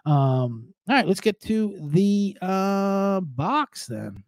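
Animated, high-voiced male podcast host. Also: very slow, noisy background. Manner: profane, jokey, animated rambling. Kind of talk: casual solo podcast monologue. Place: at home.

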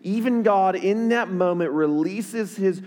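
A man preaching a sermon, often repeating words and rising in pitch and volume as he presses a point. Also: a little slow, darkish tone, big-room sound. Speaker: pastor.

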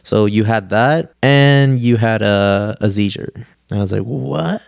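A man's voice: fairly low pitch, unhurried, clean tone, dry recording, studio quality. A young man, a podcast guest telling a long story in a laid-back, slangy way, full of "like" and "dude". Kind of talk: casual storytelling chat.

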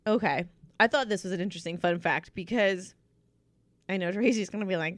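A woman's voice: mid-range voice, brisk, dry recording. A young woman co-hosting a podcast in casual chat, teasing and giggly, reading out fun facts. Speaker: podcast co-host.

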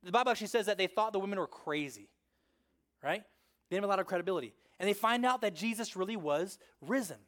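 Male pastor with a high voice, chatty sermon delivery, keeps tagging lines with "right?", dips to a near-whisper for emphasis. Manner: conversational preaching, frequent "right?" asides, dramatic swings from loud to hushed.

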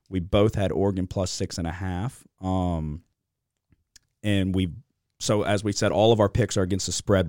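Man, podcast host, casual sports talk, deep voice, profane, animated, dry sound. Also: clear, resonant tone, no echo.

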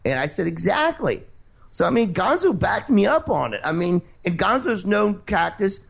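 A man's voice: high-pitched, very animated, normal speed, gravelly, fairly bright tone, husky. A man hosting a show, arguing heatedly with a caller, defensive and swearing, repeatedly insisting on finishing his point. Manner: defensive, interrupting, swearing, keeps asking to finish. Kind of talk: heated call-in radio argument.

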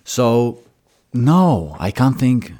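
A man's voice: medium pitch, sing-song, extremely slow, warm tone, husky. A man from Russia with a Russian accent, a guest actor talking thoughtfully in a casual interview and often restarting his phrases.

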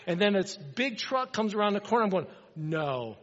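A middle-aged man preaching a sermon, telling a story with animated energy and acting out the dialogue. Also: sits high, fast. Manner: animated, acts out dialogue in his stories. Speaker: pastor. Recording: dull sound with long hall reverb.

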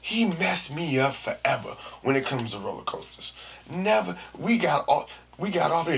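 Animated gravelly young man telling a story. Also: on the high side, normal speed, noisy background. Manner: animated, slangy, swings between hushed asides and shouting. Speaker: vlogger. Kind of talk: casual storytelling to camera.

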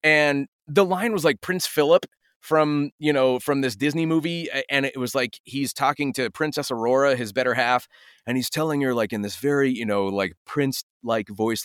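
A man's voice: medium pitch, normal speed, smooth, no room sound, studio quality. A man in his forties, a voice actor telling stories animatedly in a casual interview. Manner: animated storytelling, slips into impressions. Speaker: voice actor, guest.

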